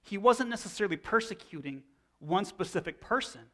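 A pastor in his thirties delivers a sermon, teaching in a loose, conversational style and frequently restarting his phrases. For a man, his voice is fairly high, and he sounds animated, brisk, and somewhat bright.

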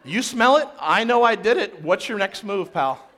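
Guy putting on a baby girl talking like a smug little tough guy, high and loud, taunting. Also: lively intonation, moderate pace, a faint crowd. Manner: taunting, swaggering.

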